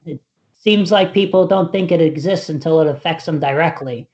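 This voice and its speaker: A co-host of a casual political talk show who speaks in a measured, thoughtful way with fillers. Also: mid-range voice, darkish tone, lo-fi sound.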